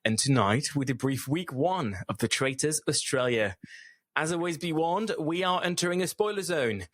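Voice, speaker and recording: A man's voice: fairly high pitch, animated, normal speed, a bit bright, no room sound, clean studio sound. A man hosting a casual podcast chat, jokey and playful as he leads the talk. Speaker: podcast host.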